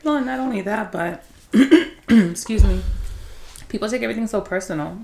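A woman's voice: medium pitch, animated, moderate pace, creaky, a little mellow, echoey room, a little hiss or hum. A woman in casual chat who talks in a matter-of-fact way.

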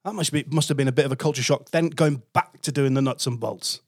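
A man hosting a podcast, asking his guest questions in a chatty, halting way with restarts. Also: medium pitch, no room sound, studio quality. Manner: hesitant, restarts while framing questions. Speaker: podcast host. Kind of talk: conversational interviewing.

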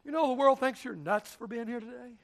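A pastor preaching a sermon in a church, with a dramatic, repetitive cadence that swings from shouting to hushed whispers. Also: male voice, very high-pitched, a little fast, gravelly. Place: church sanctuary.

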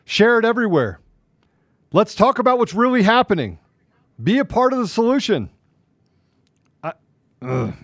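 A man co-hosting a political talk show, angry and emphatic, swinging between loud outbursts and low muttering. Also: big pitch swings, moderate pace, long pauses, dry recording, clean studio sound. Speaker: podcast co-host.

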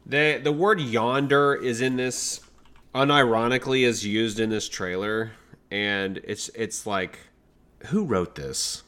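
A man, co-hosting a casual chat about movie trailers with animated, mock-outraged ranting. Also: medium pitch, slow. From American South. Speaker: podcast co-host.

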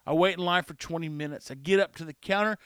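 A man's voice: fairly high pitch, fast, fairly bright tone, smooth, no room sound, studio quality. A man ranting in a podcast monologue, getting worked up as he retells a frustrating day with quoted dialogue. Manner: exasperated, gets worked up; repetitive storytelling with quoted dialogue. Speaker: podcast host.

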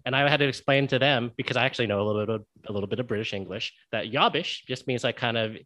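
A man's voice: medium pitch, rapid-fire, a bit bright, dry recording. An American man hosting an interview, asking upbeat, curious questions and leaning on fillers. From United States. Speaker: interviewer, host. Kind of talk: casual interview chat.

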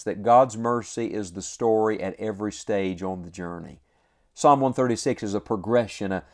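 A man's voice: fairly low pitch, a little mellow. A man preaching a devotional sermon, earnest and emphatic, repeating key lines and stretching out their final words. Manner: earnest, emphatic repetition with slow drawn-out endings.

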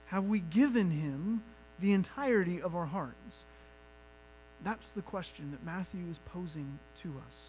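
A man with a high voice preaches a sermon as pastor. He shifts from soft, reflective lines to loud, pressing questions. A faint electrical hum sits under the recording. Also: lively intonation, unhurried, rough recording. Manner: builds from quiet reflection to loud emphatic questions.

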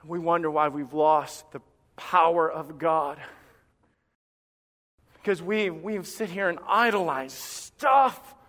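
A male pastor preaching a sermon in a church, impassioned and emphatic with dramatic pauses. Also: on the high side, pushed and bright. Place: church sanctuary. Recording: long reverb of a church hall.

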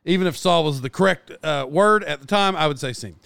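A man in his forties talks through a casual, rambling podcast monologue, poking fun at himself between fillers and restarts. His voice sits high and comes across smooth and clean. The recording is dry and close, with no room sound. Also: a little fast, a bit bright, no echo. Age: 40s. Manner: self-deprecating, chatty, many fillers and restarts. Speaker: podcast host.

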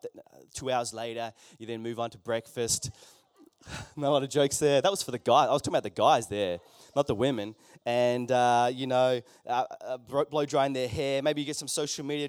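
A man's voice: mid-range voice, dry recording, clean studio sound. A man preaching a conversational sermon, with joking asides to the congregation in a church. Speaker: pastor.

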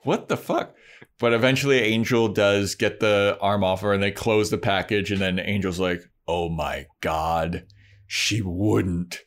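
A man's voice: lowish voice, moderate pace, clean tone. A man casually recapping a TV episode with a co-host, retelling the scenes loosely and slipping into playful quoted lines. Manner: laid-back, relaxed retelling with playful quoted voices.

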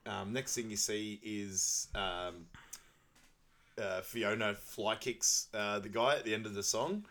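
A man's voice: slow pace, sharp tone. A young man co-hosting a podcast, chatting casually through a film recap, laughing often and quoting characters. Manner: laughs often, quotes characters in high put-on voices. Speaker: podcast co-host.

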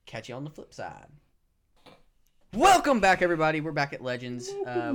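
Laid-back man running a tabletop game. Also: medium pitch. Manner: relaxed, rambling, with frequent fillers. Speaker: podcast host and game master. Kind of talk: casual ad read and game narration.

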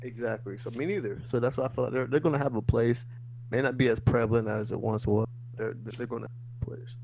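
Brief: young man, laid-back co-host, slangy and halting, faint hum behind. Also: medium pitch, fairly even intonation, vocal fry, a little mellow, low-quality recording. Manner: slangy, halting, repeats words. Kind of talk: casual chat.

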